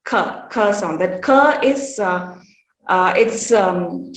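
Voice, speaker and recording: A woman giving an academic workshop presentation at a conference. She speaks in a measured way, often pausing on "uh" and "um". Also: medium pitch, expressive. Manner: measured, with frequent "uh" pauses. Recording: roomy echo.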